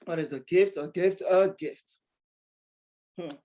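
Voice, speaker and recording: A woman's voice: fairly low pitch, slow pace, dark tone. A woman hosting an online workshop over a video call, bubbly, laughing often and full of exclamations. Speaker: workshop host.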